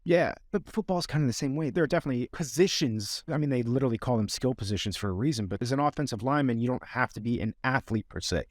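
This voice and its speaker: A relaxed middle-aged man chatting on a podcast, telling behind-the-scenes stories and acting out what others said. His voice sits at an ordinary male pitch. It is recorded dry and close, with no room sound. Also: fast talker, few pauses, no room sound. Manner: laid-back, storytelling with quoted asides. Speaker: podcast co-host, former cast member. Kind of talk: casual rewatch podcast chat.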